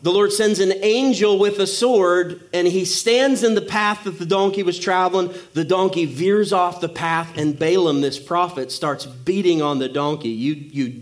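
A man's voice: high-pitched, normal speed, few pauses. A male preacher giving a sermon, telling a story with humor and acting out the characters.

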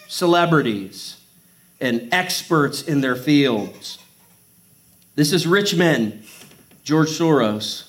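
Casual joking male pastor, higher voice. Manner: conversational, joking asides between scripture readings. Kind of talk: sermon.

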